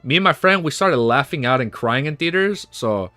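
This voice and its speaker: A man livestreaming, chatting casually and reading aloud, excitable and laughing often, saying "dude" a lot. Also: mid-range voice, normal speed, dry recording, soft background music.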